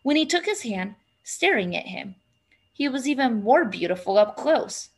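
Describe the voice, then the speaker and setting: A woman narrating a storybook aloud in an expressive, lively storytelling manner. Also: fairly high pitch, normal speed. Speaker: reader.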